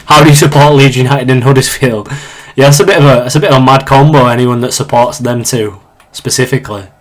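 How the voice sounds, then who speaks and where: A man's voice: medium pitch, quick pace. Chatty young Yorkshire man streaming. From Yorkshire, England. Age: 20s. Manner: chatty, reads out viewer questions, frequent restarts and fillers. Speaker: live streamer. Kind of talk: casual live-stream chat while gaming.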